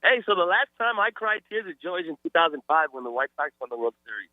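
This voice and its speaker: Brief: male caller, halting speech with fillers, tinny phone line. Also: on the high side, sing-song, dry recording. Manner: hesitant, many fillers. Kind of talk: casual phone-in chat.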